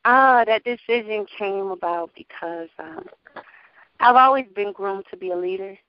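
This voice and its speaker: Woman gospel singer, animated testifying talk, kinda muffled dry audio. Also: medium pitch, normal speed, no room sound. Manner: animated, testifying, laughs often. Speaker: gospel singer and label owner. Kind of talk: casual interview talk.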